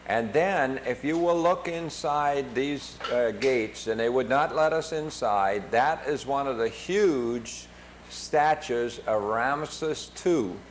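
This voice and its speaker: Older man narrating travel slides haltingly. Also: medium pitch, slight background noise. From United States. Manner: hesitant, many fillers and restarts. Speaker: travel show host narrating photos. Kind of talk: casual narration over travel photos.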